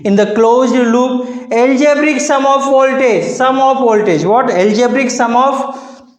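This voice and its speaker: A man's voice: extremely high pitch, unhurried, reverberant, poor audio. A man teaching physics, constantly posing rhetorical "what?" questions and answering them himself. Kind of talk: classroom lecture.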